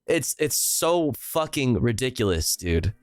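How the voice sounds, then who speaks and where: A man's voice: medium pitch, very animated, a little slow, no echo, studio quality, faint music behind. Profane, ranting male streamer. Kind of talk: live reaction commentary.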